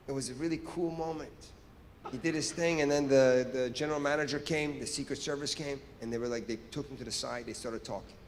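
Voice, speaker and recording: Animated man telling a stand-up story. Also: fairly high pitch, a little hiss or hum. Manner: animated, profane, acts out scenes. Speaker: stand-up comedian. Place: stage in a large hall. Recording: echoey hall with reverb.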